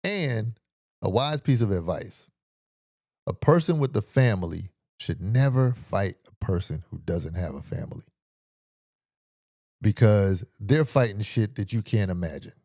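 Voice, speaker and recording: Bay man hosting a podcast, animated storyteller, curses freely, makes sound effects, dry close sound. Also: on the low side, unhurried, dry recording. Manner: animated, profane, uses vocal sound effects. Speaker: podcast host. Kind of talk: storytelling commentary.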